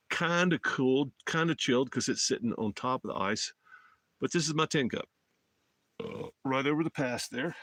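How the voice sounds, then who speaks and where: A motorcycle travel vlogger from Alabama chats with viewers on an outdoor phone live stream in the mountains, rambling in a folksy Southern accent. His mid-range voice is lively, unhurried, and a bit bright, with frequent pauses and no echo.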